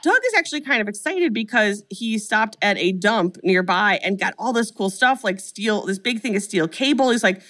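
A woman in her thirties talks through a movie's plot like she's telling it to a friend, animated, jumping into little mock voices for the characters. Her voice sits at a middle pitch and sounds close and dry, with no room around it. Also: normal speed, hardly any pauses, dry recording. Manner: animated storyteller, mimics lines in mock voices. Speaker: podcast co-host recapping a film. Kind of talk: casual comedic chat.

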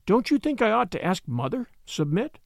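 A man doing an anxious, gentle little girl. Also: high-pitched, sing-song, normal speed, vocal fry, no room sound, clean studio sound, voice pushed up, exaggerated voice. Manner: soft, worried questions.

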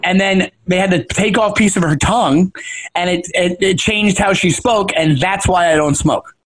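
A man's voice: high-pitched, normal speed, a bit bright, poor audio. A man co-hosting a podcast, rambling in casual chat, restarting his sentences and laughing often. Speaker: podcast co-host.

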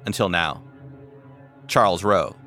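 Bright-voiced male documentary narrator. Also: sits low, slow, soft background music. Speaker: podcast host. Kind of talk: scripted narration.

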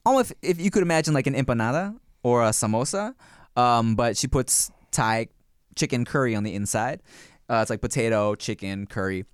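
A man hosting a podcast in casual, animated chat, swearing freely, laughing often and slipping into voices. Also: mid-range voice, smooth, no room sound, clean studio sound. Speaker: podcast host.

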